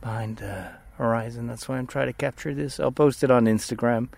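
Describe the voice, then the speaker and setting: A man's voice: mid-range voice, steady tone, a little fast, vocal fry, a little mellow. Guy rambling into his phone on an evening walk, kinda breathless, keeps getting sidetracked. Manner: rambling, chatty, easily distracted. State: slightly out of breath from walking. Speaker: priest podcaster. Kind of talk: casual walking vlog. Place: outdoors on a walk at sunset.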